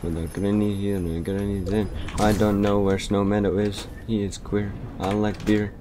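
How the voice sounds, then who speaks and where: A young man giving joking gameplay commentary as a YouTuber, excitable and prone to bursts of yelling. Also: lowish voice, moderate pace, few pauses, background noise. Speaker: gaming YouTuber.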